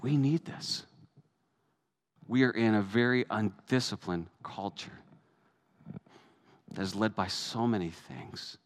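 Lower-voiced man preaching a sermon. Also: slow pace, long pauses. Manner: conversational preaching, rising to emphatic peaks. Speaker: pastor.

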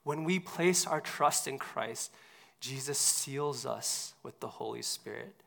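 A man preaching a sermon in a casual, conversational way with many fillers. He drops to a hushed near-whisper and then builds up to loud, emphatic points. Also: medium pitch, slow, gravelly. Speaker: pastor.

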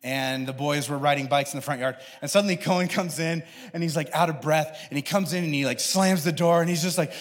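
A man giving a sermon as a pastor, telling family stories in a lively way and acting out his children's voices. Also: fairly high pitch, fast talker, few pauses. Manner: lively storytelling, acts out his kids' voices.

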